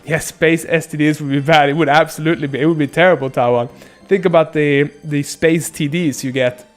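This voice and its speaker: Excitable swearing male game streamer. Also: fairly high pitch, a little fast, faint music behind. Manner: excitable, swears often, talks to chat. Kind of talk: casual live-stream gameplay commentary.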